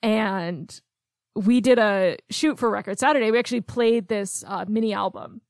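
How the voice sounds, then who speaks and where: A woman chats casually on a film podcast, filling her thoughts with ums and bits of laughter. Her voice sits at an ordinary middle pitch. The sound is dry and close to the mic, with no room echo. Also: normal speed, a little mellow. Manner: chatty, frequent ums and laughs. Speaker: podcast co-host.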